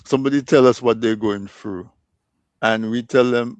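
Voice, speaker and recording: Man, mid-pitched, dry close sound, measured interviewer. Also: fairly even intonation, no echo, lo-fi sound. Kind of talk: conversational interview.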